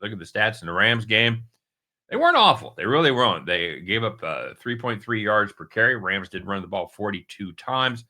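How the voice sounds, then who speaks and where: A man's voice: on the low side, big pitch swings, moderate pace, pushed and bright. A man giving a casual sports betting preview straight to his viewers, chatty and jokey, with a caramel in his mouth.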